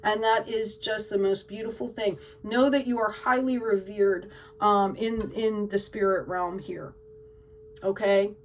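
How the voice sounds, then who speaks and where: A woman's voice: mid-range voice, steady tone, a little slow, recorded from a distance, a little hiss or hum, low-quality recording. A woman giving a tarot card reading to her viewers in an emotional, gushing way, often checking in with "okay?". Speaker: tarot reader.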